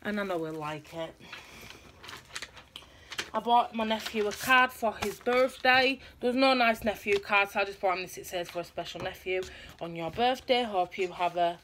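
A young woman talks through her haul in a loose, chatty show-and-tell way. Her voice sits at a middle pitch for a woman. The home recording carries clear background noise throughout. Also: normal speed, a bit bright. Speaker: vlogger showing a haul. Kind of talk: casual chat.

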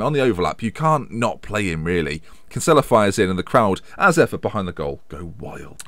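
A man's voice: mid-range voice, fairly bright tone, no echo. A young man from England giving rambling, self-mocking casual commentary over a football management game, slipping into mock match commentary. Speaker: gaming YouTuber.

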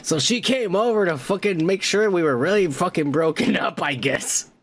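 A man with a fairly high voice hosts a comedy podcast and reads viewer comments aloud. He tells stories in a loose, casual way, swears freely and breaks into laughter often. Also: moderate pace, a bit bright. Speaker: podcast host reading comments. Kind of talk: casual profane storytelling.

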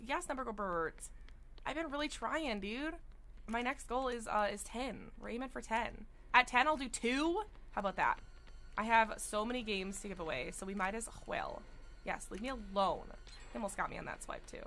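A young woman streaming a game, chatting excitedly with viewers and breaking into sing-song outbursts. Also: mid-range voice, normal speed, a little hiss or hum. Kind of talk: live gameplay commentary. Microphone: studio desk mic.

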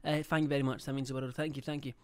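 A man's voice: medium pitch, level tone, very fast, a little mellow, smooth. A young man livestreaming a game, chatting casually, swearing a lot and reading out chat and subscriber messages. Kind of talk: casual live-stream chat.

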